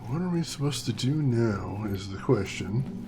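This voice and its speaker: A man's voice: medium pitch, lively intonation, normal speed, background noise. A man hosting a let's play, musing and chatting aloud while he plays. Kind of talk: casual gameplay commentary.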